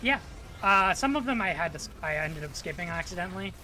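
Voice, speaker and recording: A man chatting casually while playing a game together, soft-spoken and often trailing off mid-sentence. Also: high-pitched, animated, quick pace. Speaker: streamer, co-player. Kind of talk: casual gaming stream chat. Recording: noisy mic feed.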